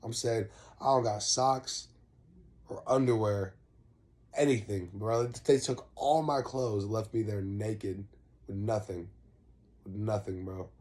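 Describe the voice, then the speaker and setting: A man's voice: on the low side, takes it slowly, darkish tone. A young man casually telling a long story, rambling in heavy slang and swearing freely. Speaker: vlogger.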